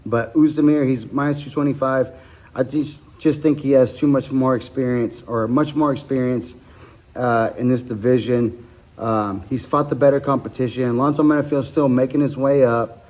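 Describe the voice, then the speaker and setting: Alone on his own podcast, a man breaks down his fight betting picks casually, rambling, correcting himself and filling gaps with ums and uhs. His voice has a middle male pitch and a darkish tone.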